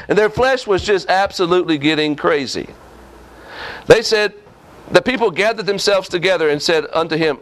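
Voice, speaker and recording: A man's voice: high-pitched, moderate pace, fairly bright tone. Folksy preacher man. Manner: folksy, scolding, asks the congregation questions. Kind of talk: sermon.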